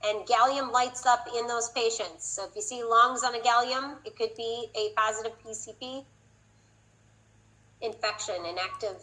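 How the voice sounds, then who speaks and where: A woman with a high voice lectures a class. She moves quickly from explanation to playful teasing of her students. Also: steady tone, sharp tone, poor audio. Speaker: instructor.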